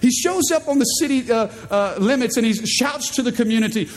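A man preaching a sermon as pastor, animated and playful, acting out voices in the stories he tells. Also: a little fast, hardly any pauses, in a large hall. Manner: animated, acts out quoted voices in high pitch.

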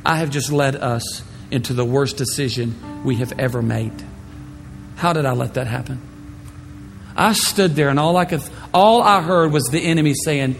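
A man pastor telling a personal story in a sermon, animated, swinging from hushed to loud. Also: on the high side, normal speed. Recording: echoey hall with faint music.

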